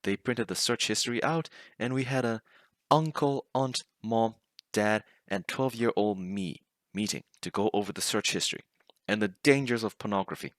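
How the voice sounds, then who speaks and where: A man's voice: lowish voice, normal speed, dry recording, clean studio sound. A man casually narrating funny stories and often laughing as he reads. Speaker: storyteller reading online stories.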